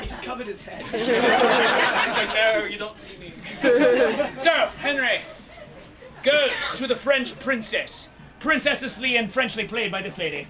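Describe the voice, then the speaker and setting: A woman narrating a comic Shakespeare story to a live audience, animated and laughing often. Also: on the high side, slow. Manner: animated, laughing, dramatic recitation. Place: outdoor fair stage. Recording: crowd noise from an outdoor fair.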